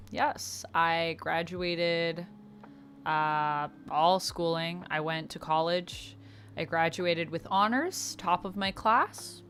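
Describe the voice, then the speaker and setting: A young Canadian woman streaming casually, reading viewer comments aloud and answering them warmly. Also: lowish voice, slight background noise. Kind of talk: casual livestream chat.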